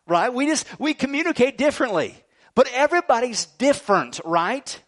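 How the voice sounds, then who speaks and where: A middle-aged male pastor giving a sermon in an animated, jokey way, often checking in with "right?". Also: extremely high pitch, moderate pace. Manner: animated, jokey preaching with frequent "right?" asides.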